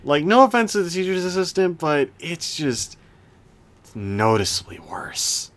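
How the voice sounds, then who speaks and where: A young man co-hosting a casual podcast chat, rambling with lots of restarts and animated rants. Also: fairly high pitch, unhurried. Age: young adult. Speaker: podcast co-host.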